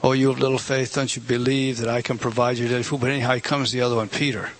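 A man's voice: medium pitch, flat delivery, quick pace, a little hiss or hum. A man preaching a sermon in an earnest, emphatic way, often repeating words and addressing the congregation directly. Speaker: pastor.

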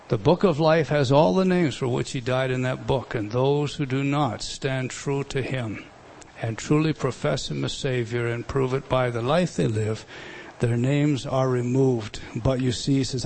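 Guy preaching a sermon, punchy and emphatic, loud then soft, lots of "you know what?". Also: mid-range voice, a little slow, gravelly, slight background noise. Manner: emphatic, swings between loud bursts and quiet asides, rhetorical questions.

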